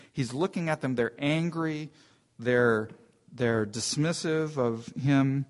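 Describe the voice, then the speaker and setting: A man's voice: mid-range voice, slow pace. A man giving an informal Bible teaching, thinking aloud as he explains a passage and often restarting his sentences.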